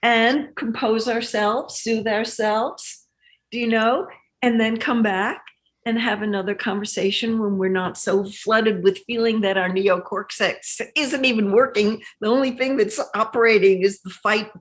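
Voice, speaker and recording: A woman guest in an interview, a relationship teacher speaking in a measured, reflective, earnest way. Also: fairly high pitch, steady tone. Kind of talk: interview conversation.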